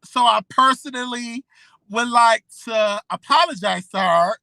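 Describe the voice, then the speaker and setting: A blogger in their thirties, hosting a solo commentary show. The voice is bright and forceful, and the speaker talks emphatically, tossing "okay?" at the audience. It is recorded close and dry, with no room sound. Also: mid-range voice, unhurried, creaky, no room sound. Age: 30s. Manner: emphatic, repeats "okay?" and "you know what I'm saying".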